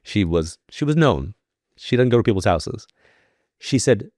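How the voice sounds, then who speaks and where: A man from New York, a psychic medium guesting on a podcast, tells a long personal story in casual talk, speaking in a lowish voice at an unhurried pace. He is an animated storyteller who acts out the voices of the people in it. The recording is dry and studio quality.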